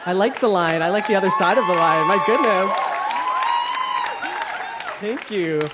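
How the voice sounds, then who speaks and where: A man's voice: high-pitched, unhurried, a loud crowd. A man performing a stand-up comedy set on stage, self-mocking and playful, often laughing through his lines. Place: comedy club stage before a live audience. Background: audience laughter and room noise.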